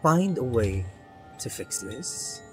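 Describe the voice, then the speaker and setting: A man voicing a weary, measured human with glasses who speaks slowly and deliberately. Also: mid-range voice, sing-song, darkish tone. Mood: resigned. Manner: slow, deliberate, resigned. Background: faint ambient music.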